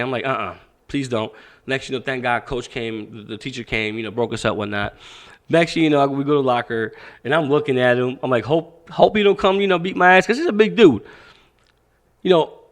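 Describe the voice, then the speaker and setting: A man in his thirties from Pakistan, a boxing coach talking as a podcast guest, telling a story casually with frequent swearing and acted-out quotes. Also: medium pitch. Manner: animated storyteller, swears freely, acts out quotes.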